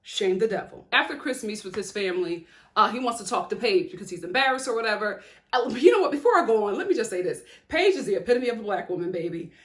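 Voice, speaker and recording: A woman from Chicago giving an opinionated, heated recap of a reality show, sassy and animated with frequent laughter. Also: medium pitch, fast talker.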